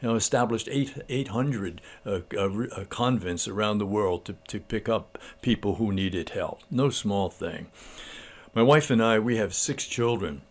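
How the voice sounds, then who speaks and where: An older man giving a casual spiritual talk, telling a story in a halting, homespun, earnest way. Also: lowish voice.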